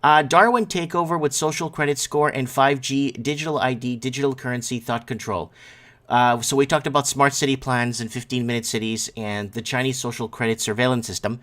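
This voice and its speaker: A male host talks loosely through headlines on his morning stream, wandering off on tangents and answering chat comments as they come in. He sounds sleepy and yawning, with a middling pitch and an everyday voice. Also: fairly even intonation, fairly quick, fairly bright tone. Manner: rambling, reacts to chat comments. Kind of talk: casual live-stream commentary.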